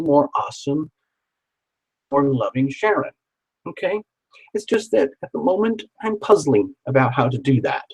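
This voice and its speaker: Guy doing a live tarot reading, husky voice, chatty and upbeat, repeats stuff a lot. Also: mid-range voice, darkish tone, rough recording. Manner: encouraging, chatty, repeats words for emphasis. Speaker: tarot reader.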